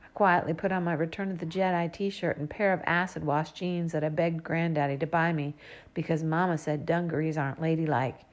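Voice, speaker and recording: Expressive woman reading a storybook. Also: deep voice, a little fast, muffled recording. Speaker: audiobook narrator. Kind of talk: first-person storybook narration.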